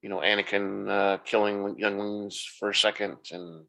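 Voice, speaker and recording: A man's voice: on the low side, flat delivery, moderate pace, vocal fry, pushed and bright, poor audio. A man hosting a podcast, retelling the plot loosely in a casual recap and thinking aloud as he goes. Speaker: podcast host.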